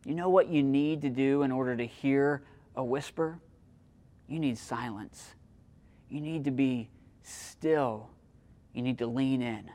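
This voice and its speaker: A man preaching a sermon, moving between strong emphasis and quiet, almost whispered lines. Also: a little high. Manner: dynamic, swings from loud emphasis to near-whisper. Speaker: pastor.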